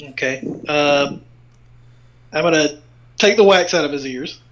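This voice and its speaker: A man's voice: fairly high pitch, unhurried, fairly bright tone, highs cut off. A man playing a tabletop game, talking in a plain, matter-of-fact way. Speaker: player.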